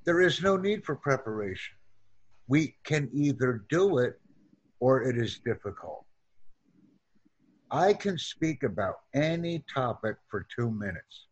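A man teaching an online English lesson, speaking in slow, deliberate drills and repeating sentences for practice. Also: medium pitch, sing-song, husky, highs cut off.

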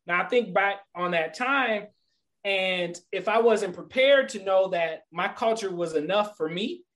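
A middle-aged man speaking as a podcast guest, sitting a little higher in pitch than most men. He tells stories with animation and lands his points in an earnest, motivational way. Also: unhurried, low-quality recording. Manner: animated storyteller. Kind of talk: casual podcast chat.

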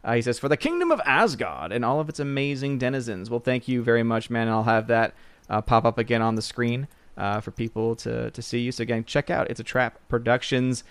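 A man hosting a live stream in casual chat, joking and talking in a slightly halting way. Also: medium pitch, animated, clear, resonant tone, no room sound. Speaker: stream host.

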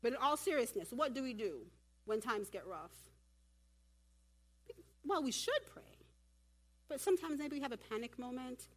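A woman preaching at a church women's event, animated and humorous, talking directly to her audience. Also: high voice, normal speed, pauses often. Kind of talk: sermon.

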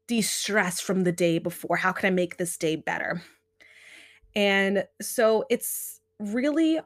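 A young adult woman hosting a podcast, giving earnest, chatty self-help talk full of "you know" and "right". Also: medium pitch. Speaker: podcast host.

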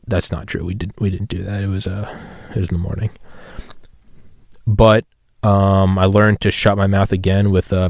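A man's voice: on the low side, no echo, clean studio sound. Rambling, profane male podcaster. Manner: rambling, profane, self-mocking. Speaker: podcast host. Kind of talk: solo podcast rant.

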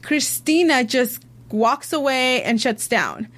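A woman's voice: sits high, slow, a bit bright. A woman co-hosting a casual talk show, arguing her point earnestly and firmly. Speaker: co-host. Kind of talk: casual chat.

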